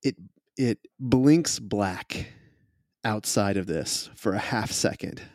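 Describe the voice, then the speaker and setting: A man narrating a tabletop game as game master, his voice mid-pitched and unhurried. He describes each scene slowly, with frequent fillers. The recording is dry and close. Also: a little mellow, no room sound.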